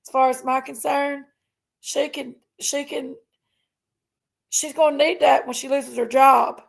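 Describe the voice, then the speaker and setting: A woman's voice: sits high, little pitch movement, a little slow, creaky. A woman hosting a casual livestream, ranting indignantly and emphatically while reading chat aloud. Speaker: live stream host.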